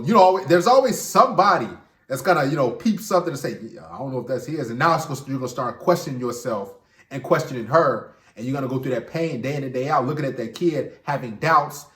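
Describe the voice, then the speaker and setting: A man's voice: mid-range voice, a bit bright. A man talking straight to viewers in an emphatic casual monologue, often repeating words as he restarts. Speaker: relationship commentator and host. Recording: echoey room.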